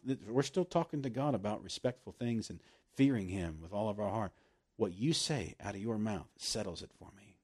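A man preaching a sermon, animated and laughing often, slowing right down to stress scripture. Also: on the low side, slightly rough.

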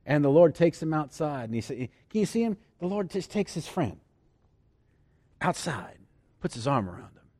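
Lively preacher, loud then hushed. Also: male voice, a little high, moderate pace, long pauses, husky, dry recording. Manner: swings from loud emphasis to hushed near-whispers; laughs often between points. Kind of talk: sermon.

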